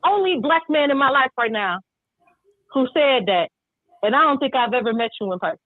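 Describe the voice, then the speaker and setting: A woman's voice: high voice, expressive, a little fast, no room sound. A woman calling in to a talk show, blunt, candid and profane. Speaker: caller. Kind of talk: casual call-in talk. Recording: tinny phone line.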